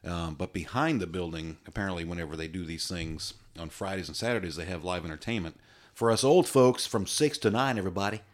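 A man's voice: sits low, fairly quick. A man co-hosting a podcast, chatting casually in a joking, rambling, easygoing way. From Virginia. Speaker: podcast co-host. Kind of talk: casual chat.

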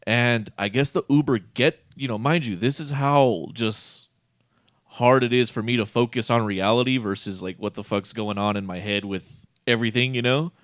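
A man's voice: mid-range voice, moderate pace, dry recording, studio quality. A man casually telling a rambling, profane story, often breaking into laughter. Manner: profane, laughing, animated retelling.

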